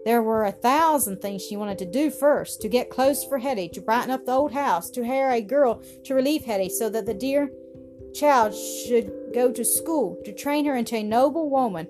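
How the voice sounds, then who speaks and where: A woman reading a story aloud in a steady, expressive way. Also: fairly high pitch, normal speed. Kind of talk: storybook narration. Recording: music playing behind.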